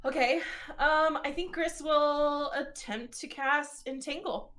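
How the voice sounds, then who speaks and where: A woman playing a tabletop game with a high, bright voice. Her manner is wry, with sighs and laughs as she takes her turn. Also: slow pace. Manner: wry, sighing, laughs often. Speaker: player. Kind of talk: casual tabletop game play.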